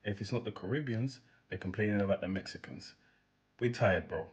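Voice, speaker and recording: A man's voice: lowish voice, fairly quick, breathy edge. A man delivering a mocking, sarcastic social media rant in a dull lo-fi recording. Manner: sarcastic, incredulous. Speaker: commentator.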